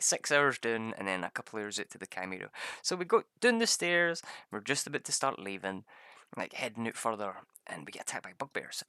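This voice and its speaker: A young man casually recounting a tabletop game session, animated, swearing a lot and laughing as he talks. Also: no echo. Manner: animated, swears a lot, laughs often, jumps into high excited bursts. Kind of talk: casual storytelling.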